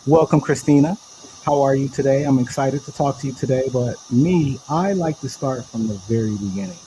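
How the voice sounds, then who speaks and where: Curious, chatty podcast co-host. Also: male voice, medium pitch, a little fast, mellow, slight background noise, poor audio. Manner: curious, conversational questioner with frequent restarts. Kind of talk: casual interview chat.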